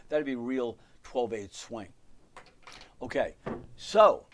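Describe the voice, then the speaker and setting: A man's voice: medium pitch, animated, slow pace, long pauses. A man teaching piano in a live online lesson, counting beats and singing rhythm syllables as he explains, with rambling asides. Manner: counts and sings rhythms aloud while playing, rambling asides.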